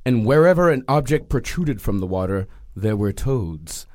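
A man's voice: medium pitch, lively intonation, moderate pace, a little mellow, no echo, studio quality. A man telling a history story for laughs, reading it aloud with jokey asides. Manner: reads a history tale aloud with jokey asides and voiced quotes.

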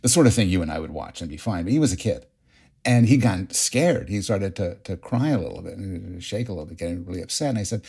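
A middle-aged man, a psychologist guest on a podcast, explaining ideas and telling stories in an animated way. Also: fairly low pitch, quick pace, breathy edge. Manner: explanatory, animated storytelling with restarts. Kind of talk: interview.

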